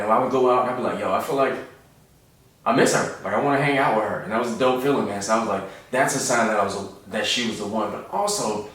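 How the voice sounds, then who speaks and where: A man in his thirties, a comedian telling stories in a relaxed, joking way and acting out the voices of the people in them. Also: fairly low pitch, very echoey, far from the mic. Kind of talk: casual storytelling monologue.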